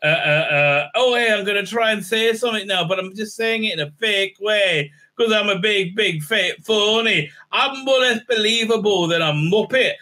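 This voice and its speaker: A man voicing a mocking parody of a dithering woman time traveller, in a high, squeaky voice full of exaggerated exclamations. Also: normal speed, hardly any pauses, sharp tone. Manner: sneering, mocking.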